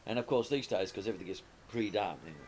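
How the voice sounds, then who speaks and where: Racing along in a lowish, slightly mellow voice, this Australian comedy writer-producer in his sixties tells stories as a guest in a casual interview. His delivery wanders and keeps restarting, with a little background noise audible.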